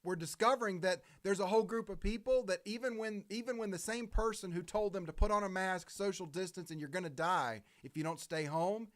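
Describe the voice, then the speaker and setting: High-voiced man rambling on a talk show. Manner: rambling, halting restarts. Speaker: co-host. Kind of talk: political talk show chat.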